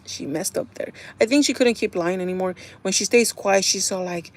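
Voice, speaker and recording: A woman's voice: mid-range voice, normal speed, a little hiss or hum. Chatty woman streamer recapping a show. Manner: chatty and animated, full of "like" and "kinda"; laughs often while retelling. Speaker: live streamer. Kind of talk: casual chat recapping a TV episode.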